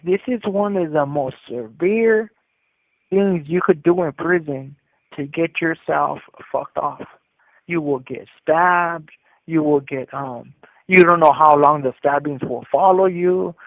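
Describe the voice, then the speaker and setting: A man's voice: fairly high pitch, no echo. A man telling his prison story in casual street slang over the phone, rambling with fillers. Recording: tinny prison phone line.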